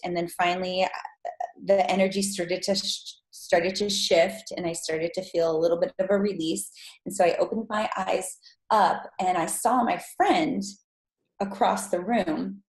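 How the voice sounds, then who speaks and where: Animated woman telling a story, echoey room. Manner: animated, acts out quotes in high voice. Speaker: podcast guest. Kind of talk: casual storytelling interview.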